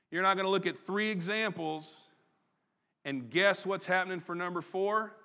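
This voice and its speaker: A man preaching a sermon as pastor, folksy and conversational with quick asides. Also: sits high, pushed and bright. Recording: long reverb in a large hall.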